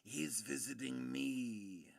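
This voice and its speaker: A man's voice: mid-range voice, takes it slowly, gravelly. A young man streaming late at night, sleepy and rambling in casual chat. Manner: drowsy, rambling.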